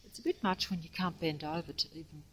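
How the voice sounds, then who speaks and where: A woman's voice: low voice, steady tone, quick pace, a bit bright, a little hiss or hum, rough recording. An older woman vlogging outdoors, rambling and losing her place as she reads a plaque, often out of breath. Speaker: local history vlogger. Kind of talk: rambling walking vlog.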